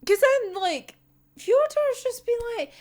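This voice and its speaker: A woman's voice: very high voice, expressive, slow, a little mellow. A young woman in a casual, profane reaction rant, exasperated and breaking into laughter. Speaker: manga reviewer.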